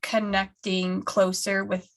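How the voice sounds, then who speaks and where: A woman's voice: mid-range voice, flat delivery, slow pace. A woman co-hosting a fan podcast, chatting in a gushing, casual way with lots of likes and restarts. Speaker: co-host.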